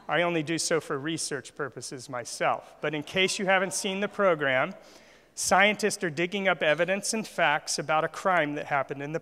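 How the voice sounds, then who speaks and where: Male church speaker with a fairly high, forceful voice who quizzes the audience. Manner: asks the audience questions. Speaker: guest speaker. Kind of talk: church talk. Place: church hall. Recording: long hall reverb.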